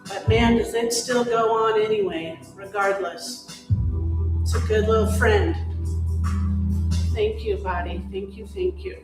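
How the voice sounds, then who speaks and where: A woman leading a yoga class, giving calm, encouraging cues and breath prompts. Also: mid-range voice, a little slow, long pauses, heavy reverb, music in the background, low-quality recording. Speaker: yoga instructor. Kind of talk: guided yoga class instruction.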